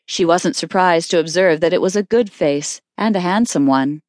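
A woman narrating an audiobook in a measured storytelling voice. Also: lowish voice, a little mellow, no echo, clean studio sound. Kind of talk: scripted narration.

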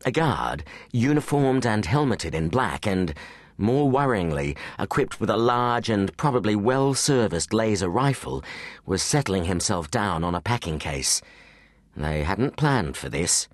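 A man's voice: sits low, dry recording. A man narrating an action story for teens as an audiobook reader, telling it expressively. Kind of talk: scripted narration. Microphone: close studio mic.

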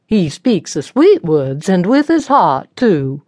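A woman voicing a quiet, agreeable young woman with a soft-spoken manner in an audiobook. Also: on the low side, sing-song, takes it slowly, no room sound, clean studio sound, exaggerated voice. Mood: gentle.

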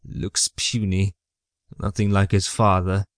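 A man's voice: lowish voice, measured pace, dry recording, clean studio sound. A man voicing an arrogant trickster god who sneers and hisses his threats. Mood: sneering. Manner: sneering, hissing.

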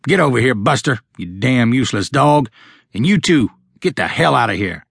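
A male narrator voicing a gruff old rural man with a raspy voice, threatening and barking orders at strangers on his land. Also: mid-range voice, expressive, normal speed, fairly bright tone, no echo, studio quality, voice pushed up, exaggerated voice.

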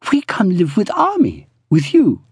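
A man's voice: high-pitched, huge pitch swings, measured pace, husky, no room sound, clean studio sound, voice pushed up, exaggerated voice. A male narrator voicing a practical, unimpressed young woman who speaks broken English in a raised voice. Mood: matter-of-fact. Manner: broken English, matter-of-fact.

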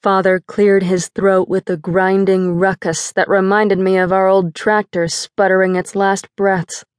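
A woman's voice: medium pitch, flat delivery, measured pace, clear, resonant tone, dry recording. Woman narrating an audiobook in a dry studio. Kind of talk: first-person audiobook narration. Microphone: close studio mic.

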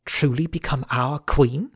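A man's voice: mid-range voice, fairly even intonation, a little slow, breathy edge, no echo, studio quality. A man narrating an audiobook, voicing a brash, teasing male knight with a mocking, bantering manner. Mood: scornful.

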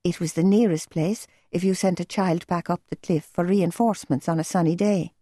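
A woman reading a novel aloud as an audiobook narrator, in a measured, gentle storytelling manner. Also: lowish voice, steady tone, no room sound, studio quality. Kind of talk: scripted narration.

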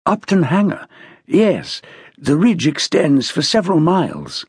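A man's voice: fairly high pitch, huge pitch swings, measured pace, darkish tone, breathy edge, dry recording, studio quality, exaggerated voice. A man doing a polite, shaken old aristocrat. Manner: polite, eager to help, well-spoken. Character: older shaken aristocratic gentleman landowner.

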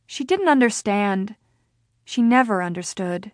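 A woman narrating a novel in the first person, with an even storytelling delivery. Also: mid-range voice, moderate pace, no room sound, clean studio sound. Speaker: audiobook narrator.

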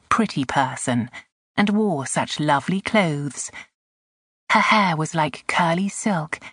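A woman narrates an unabridged audiobook in a low voice. Her pace is measured and steady, and she drops to a hush at tense moments. The recording is close and completely dry. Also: no room sound. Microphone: close studio mic.

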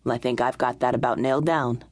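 A man's voice: medium pitch, steady tone, fast, pitched below the performer's own voice, close to an everyday voice. A woman narrator voicing a brusque, blunt male private detective who speaks curtly. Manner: curt, abrupt, blunt.

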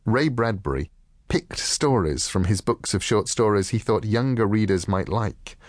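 A man, the author, reading his own audiobook in a measured, wry storytelling manner. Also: fairly low pitch, no room sound, studio quality. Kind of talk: audiobook narration.

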